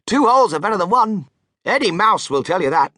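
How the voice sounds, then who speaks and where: A man voicing an eccentric grown male candy maker who is brisk, unflappable and emphatic, read for a storybook. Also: sits high, very animated, bright, forceful tone, dry recording, clean studio sound, pitched above the performer's own voice, exaggerated voice. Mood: insistent. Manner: emphatic, commanding, matter-of-fact.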